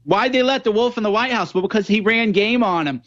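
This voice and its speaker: A male guest commentator on a political talk show brings his anecdotes to life, mimicking the voices of those he quotes. He talks briskly in a high voice, and the audio has its highs cut off.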